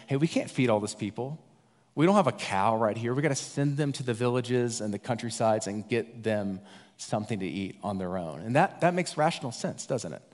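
A man's voice: medium pitch, long reverb tail. A man preaching as a guest, in a conversational and jokey way, acting out the disciples' lines. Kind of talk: sermon.

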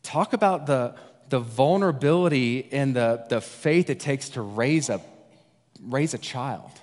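Conversational guest preacher in a hall. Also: male voice, medium pitch, lively intonation, a little slow, a little mellow. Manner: conversational, jokey, acts out the disciples' voices. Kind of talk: sermon.

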